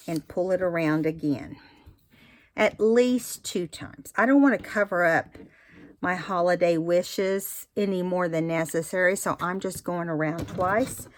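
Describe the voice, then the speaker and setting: A woman with a slightly low voice talks through a card-making craft at a casual, chatty pace. She explains each step, restarting sentences and filling pauses with fillers. The sound is dry and close. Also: dry recording. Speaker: craft instructor.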